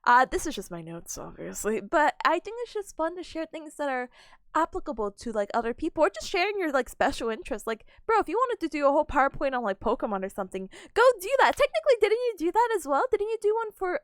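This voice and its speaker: A woman's voice: sits high, very animated, quick pace, no echo, studio quality. A young adult woman streaming, chatting casually and greeting her chat in a bubbly, giggly way.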